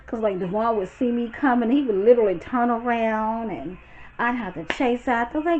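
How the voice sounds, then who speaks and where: A young woman from Brooklyn with a New York accent, telling a storytime in a blunt, sassy, animated way. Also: a little high, normal speed. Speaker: storytime vlogger. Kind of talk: casual storytime chat. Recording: dull lo-fi sound, faint noise.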